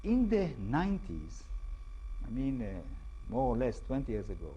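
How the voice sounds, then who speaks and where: Husky Israeli-accented man lecturing. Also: mid-range voice, huge pitch swings, dark tone, rough recording. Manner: halting non-native English, frequent tag questions. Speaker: author giving a talk. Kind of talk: lecture to an audience.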